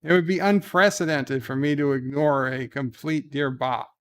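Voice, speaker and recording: A man hosting a casual live stream at home, reading out viewer letters and answering them in a wry, deadpan way. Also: on the high side, normal speed, clear, resonant tone. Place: home, indoors.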